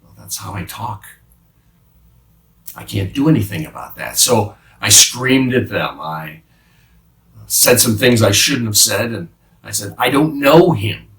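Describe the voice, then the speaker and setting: A man playing the apostle Peter as a remorseful fisherman, confessing haltingly in a dramatic monologue with many restarts. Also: lowish voice, animated, creaky, a bit bright, heavily acted. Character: remorseful male fisherman apostle, middle-aged, haunted by guilt. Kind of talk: dramatic first-person monologue. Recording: roomy sound from a distant mic.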